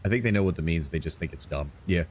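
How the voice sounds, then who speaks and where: Deep-voiced guy streaming an rpg, reads the text out, cracks jokes with chat. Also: fast talker. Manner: reads game text aloud with joking asides. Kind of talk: live game stream with casual commentary.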